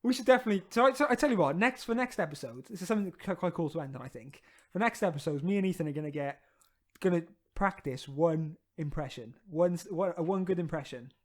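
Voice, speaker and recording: A man's voice: fairly high pitch, fast. A young man co-hosting a casual podcast, laughing often and teasing his co-host. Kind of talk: casual chat. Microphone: headphones and studio mic.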